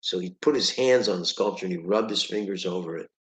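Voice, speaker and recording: On a low-quality recording with a roomy sound, a man with a low voice and quick pace tutors one student in reading vocabulary. He patiently walks through each word with examples, regularly pausing to ask "okay?"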